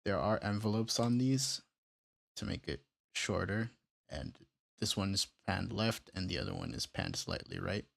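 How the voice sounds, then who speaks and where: A man casually walking through how he built a beat, step by step, in a relaxed, plain way. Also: lowish voice, normal speed, vocal fry. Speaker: music producer tutorial host. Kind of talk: casual screen-recorded tutorial.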